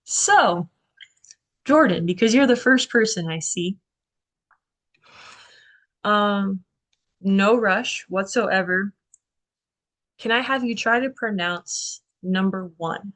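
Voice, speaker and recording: Speaking slowly with frequent pauses, a Greek language instructor lectures her class in a mid-range, slightly bright voice. She explains letters and sounds, often asking "okay" and "right?" along the way.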